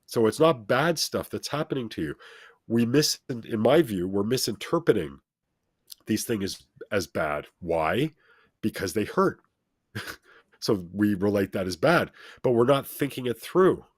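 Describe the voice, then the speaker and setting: A man's voice: mid-range voice, darkish tone, no echo. A man talking as a show guest, telling a personal story in an earnest, motivational way and repeating phrases for emphasis.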